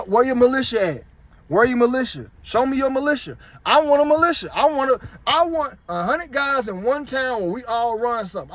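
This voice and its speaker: Blunt, high-pitched man ranting. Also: fairly bright tone. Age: 30s. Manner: blunt, heated, profane. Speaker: vlogger. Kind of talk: casual rant to camera.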